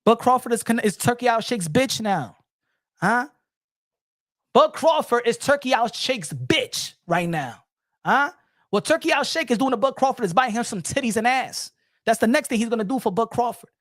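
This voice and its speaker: Animated ranting man, dry sound. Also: very high-pitched, fairly quick, no room sound. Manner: profane, mocking, animated. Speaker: boxing commentator. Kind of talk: ranting commentary.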